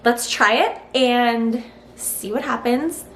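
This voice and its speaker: A woman's voice: on the high side, takes it slowly. A woman testing a recipe in her home kitchen for a cooking vlog, chatty and frank, thinking aloud as she goes. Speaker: cooking vlogger. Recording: roomy kitchen echo, faint hiss.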